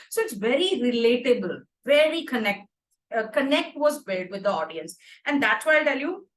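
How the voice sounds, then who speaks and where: Expressive Indian woman hosting a meeting. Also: on the high side, roomy sound, slight background noise, poor audio. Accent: Indian English. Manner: warm, expressive, praising then suggesting. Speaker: meeting host, Toastmaster of the day. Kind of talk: online club meeting, giving feedback.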